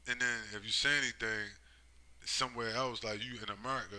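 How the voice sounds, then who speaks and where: A man's voice: lowish voice, steady tone, a little fast, sharp tone, rough recording. A man giving a rambling, profane monologue, driving his points home with constant tag questions. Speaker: commentator. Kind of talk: casual monologue.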